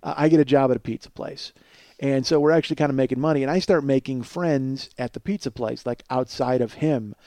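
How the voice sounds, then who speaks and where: A man's voice: medium pitch, fairly quick, mellow, dry recording. A man in his forties telling a long personal story in a casual, profane way, often laughing as he talks. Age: 40s. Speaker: podcast storyteller.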